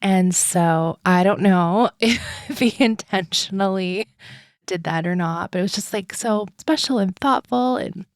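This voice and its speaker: A woman podcast host telling a personal story in a rambling, chatty way, full of "like" and "um" and quick laughs. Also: medium pitch, no room sound, clean studio sound.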